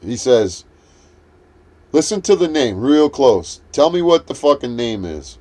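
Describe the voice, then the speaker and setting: A man's voice: medium pitch, big pitch swings, a little slow, a little mellow. A man hosting a livestream, ranting in a heated, profane, combative way. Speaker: livestream host. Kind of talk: livestream rant.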